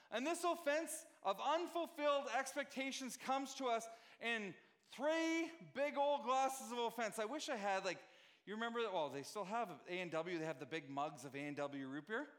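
A man's voice: very high voice, a bit bright. A male pastor giving a conversational sermon to a congregation, often checking in with his listeners.

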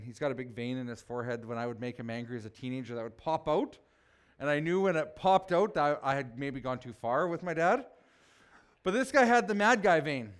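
A man's voice: high-pitched, smooth. A man in his forties, a pastor preaching a sermon with humorous stories and joking asides to the congregation. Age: 40s. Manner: joking, self-mocking, animated asides to the congregation.

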